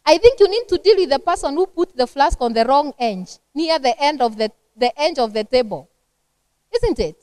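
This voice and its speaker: A middle-aged woman with a Kenyan accent giving a lively, conversational seminar talk on parenting to a church women's group, acting out everyday family scenes. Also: high voice, normal speed, no echo.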